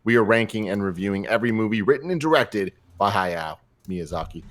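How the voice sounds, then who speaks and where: Male host, low-ish register, enthusiastic and chatty. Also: a little fast, fairly bright tone. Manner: upbeat, gushing, runs show plugs. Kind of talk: casual podcast chat.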